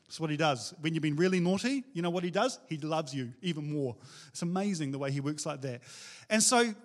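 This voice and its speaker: High-voiced, animated New pastor. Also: male voice, brisk. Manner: casual, animated storytelling with slang. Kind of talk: sermon.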